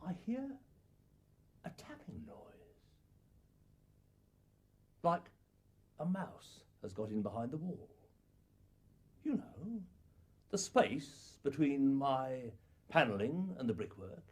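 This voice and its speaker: An actor playing an elderly father in a lonely farmhouse, a shrewd and wry man telling his story slowly in a husky voice. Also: mid-range voice, big pitch swings, darkish tone, exaggerated voice. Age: older. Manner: slow storytelling with playful sound imitations. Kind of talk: acted monologue recollection.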